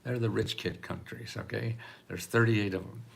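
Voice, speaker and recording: An older man talking casually to the camera in a rambling way, repeating words and laughing softly now and then. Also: fairly low pitch, fairly even intonation, normal speed, gravelly, husky. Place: apartment in a city.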